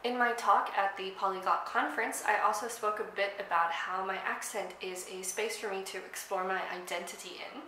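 A woman's voice: medium pitch, bright, forceful tone, echoey room, a little hiss or hum, low-quality recording. A young South African woman, Afrikaans by first language, chatting casually to camera as a language vlogger, with frequent ums and likes. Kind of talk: casual explanatory talk to camera.

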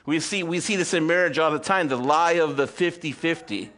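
A pastor in his fifties preaches to a church congregation, with a slightly high voice and a fairly quick pace. He alternates loud, emphatic peaks with quiet asides, asking rhetorical questions and calling for amens.

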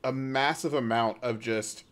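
A man's voice: medium pitch, steady tone, measured pace, fairly bright tone. Casual male game master. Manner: casual, hesitant, many fillers. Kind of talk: narrating a tabletop game.

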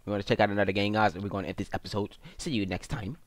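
A man hosting a gaming video, giving playful, jokey let's-play commentary that jumps into high, excited squeals. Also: racing, no room sound.

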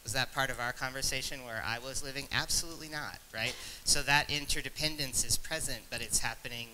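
A man in his forties talks on a conference panel in a reflective, halting way, often pausing to search for words. His voice is very bright and forward. A faint hiss of noise sits under the recording. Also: mid-range voice, low-quality recording. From Nebraska. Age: 40s. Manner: reflective, halting, many fillers and restarts.

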